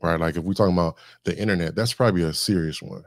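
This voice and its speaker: A man's voice: sits low, rapid-fire, no echo, clean studio sound. A man talking as a guest on a podcast, reflective and thoughtful, working through ideas with lists and examples. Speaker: guest, communication specialist.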